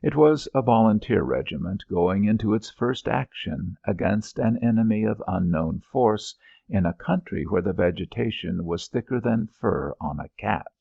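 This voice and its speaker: A man reads a war story in a deep, gravelly, husky voice, rising and falling widely. His delivery is measured and expressive. The recording is dry and slightly dull and lo-fi. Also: no echo. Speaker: audiobook narrator. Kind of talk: audiobook narration.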